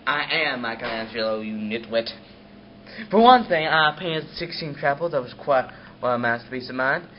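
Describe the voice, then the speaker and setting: A man's voice: medium pitch, animated, normal speed, voice pushed down, natural voice. A teenage boy playing a boastful, self-important Michelangelo in an amateur school video, recorded on dull, hissy camera audio. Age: teens. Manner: pompous, boastful.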